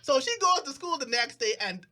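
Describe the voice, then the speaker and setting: Animated man acting out a story. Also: very high voice, fairly quick. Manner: animated storyteller, acts out characters' lines, frequent restarts. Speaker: podcast co-host. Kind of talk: casual podcast chat recapping a plot.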